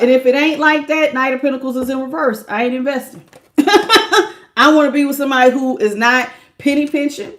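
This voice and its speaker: Talkative lady doing a live tarot reading, kinda high voice, loose and laughing. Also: brisk. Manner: lively, talkative, laughs often, calls viewers baby. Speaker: tarot reader.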